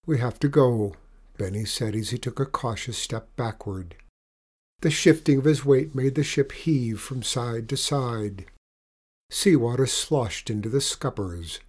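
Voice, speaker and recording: A man narrating a storybook in an expressive, dramatic reading. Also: medium pitch, unhurried, breathy edge.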